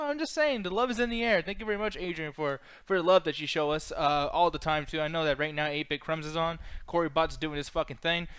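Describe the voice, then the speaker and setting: A man's voice: fairly high pitch, fairly bright tone, clear, resonant tone, no room sound. A man hosting a casual livestream chat, rambling and swearing a lot, laughing as he talks. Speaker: podcast host.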